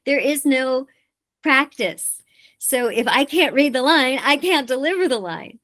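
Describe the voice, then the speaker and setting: Middle-aged woman, voice actor guest; animated, laughing storyteller in casual interview. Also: sits high, measured pace. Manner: lively storyteller who acts out dialogue and laughs often.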